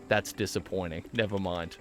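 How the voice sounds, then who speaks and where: A man's voice: sits low, steady tone, measured pace, a bit bright, soft background music. A man with an Australian accent streaming a game, chatting casually and playfully with a mock-indignant edge. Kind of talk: casual live-stream chat while gaming.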